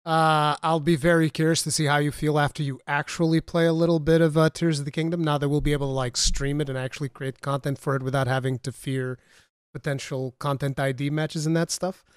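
A man's voice: fairly high pitch, little pitch movement, a little fast, clear, resonant tone, dry recording. Laid-back male podcast host, dry sound. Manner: laid-back, laughs often. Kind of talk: casual chat.

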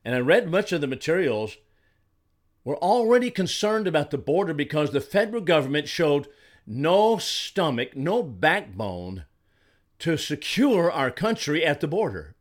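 Older male commentator from Arizona, indignant and emphatic, slightly higher voice. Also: big pitch swings, unhurried. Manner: indignant, emphatic, repeats words when heated. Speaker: political commentator. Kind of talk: solo commentary monologue.

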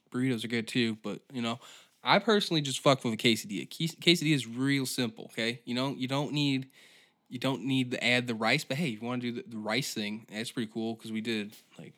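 A man's voice: mid-range voice, sharp tone. A man hosting a comedy podcast, ranting in an exasperated, profane monologue. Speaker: podcast host.

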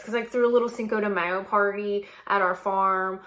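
A woman in her late twenties from North Carolina, hosting a podcast and telling a story in a chatty, animated way full of "like". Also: mid-range voice, a little fast, hardly any pauses, echoey room. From North Carolina, USA. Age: late 20s. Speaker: podcast host and model. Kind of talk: casual solo chat.

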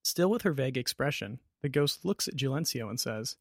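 A man reading a fantasy story aloud as narrator, in steady, descriptive narration. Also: mid-range voice, a little fast, no room sound, studio quality.

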